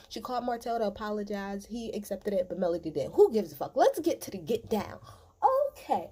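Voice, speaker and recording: A woman's voice: fairly low pitch, fast talker, slightly rough. A woman hosting a casual reaction video, recapping a reunion show bluntly and acting out what people said. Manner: animated, blunt, swears freely, acts out quotes.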